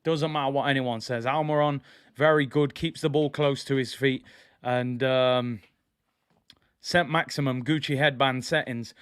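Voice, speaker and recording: A young man hosting a live football watch-along, chatting excitedly to viewers in slang. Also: medium pitch, measured pace, clear, resonant tone, dry recording, clean studio sound. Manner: excitable, slang-heavy, addresses viewers directly. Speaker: football fan channel host.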